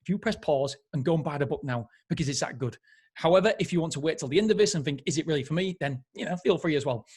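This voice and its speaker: A man's voice: fairly high pitch, lively intonation, quick pace, a little mellow, slightly rough. A man hosting a podcast who reviews a book in a casual, enthusiastic way, often rambling and correcting himself. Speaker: podcast host.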